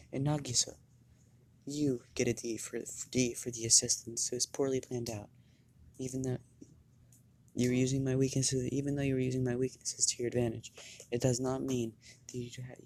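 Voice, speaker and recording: A fan storyteller voicing a male tentacled alien teacher who lectures his students, with halting repeated words in fan story narration. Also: mid-range voice, close to an everyday voice.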